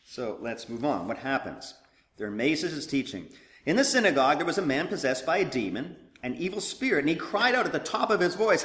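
A man's voice: medium pitch, fairly quick. A man giving conversational Bible teaching in sermon style, often restarting his sentences. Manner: animated, conversational, with frequent restarts. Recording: echoey hall.

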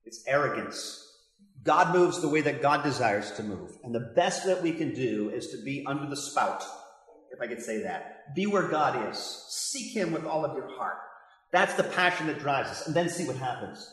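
A man's voice: medium pitch, lively intonation, normal speed, a bit bright. An older man, a pastor, giving a passionate, conversational Bible teaching with asides to his listeners. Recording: very echoey hall reverb.

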